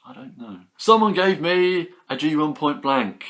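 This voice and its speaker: A young British man chatting casually about his toy haul, enthusiastic and rambling, with quick asides. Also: a little high, very animated, fairly bright tone. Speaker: toy collector vlogger. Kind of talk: casual chat.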